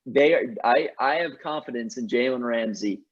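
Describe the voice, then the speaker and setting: Husky man arguing sports picks. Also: mid-range voice, normal speed. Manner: emphatic, argues his picks with many restarts. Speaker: sports podcast co-host. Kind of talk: casual sports analysis chat. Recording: dull lo-fi audio.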